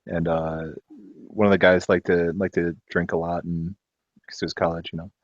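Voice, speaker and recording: A man's voice: deep voice, flat delivery, moderate pace, no echo. A man telling a personal story in casual chat, hesitant, with many restarts and offhand swearing. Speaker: discussion participant. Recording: dull, muffled mic.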